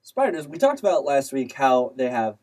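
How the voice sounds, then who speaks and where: A man's voice: medium pitch, big pitch swings, normal speed, darkish tone, low-quality recording. A man hosting a casual chat, explaining things to friends in a playful, teasing way. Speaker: podcast host explaining spider facts.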